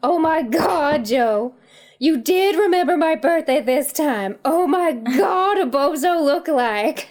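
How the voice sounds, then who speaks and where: A woman voicing a gushing, overexcited mother of two with a Southern US accent and a high, drawn-out squeal. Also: expressive, a little mellow, heavily acted. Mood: gushing delight.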